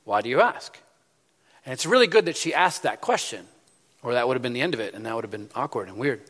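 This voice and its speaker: A man's voice: mid-range voice, lively intonation, quick pace, fairly bright tone. Man preaching a sermon in a reverberant hall. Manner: storytelling, conversational with frequent fillers.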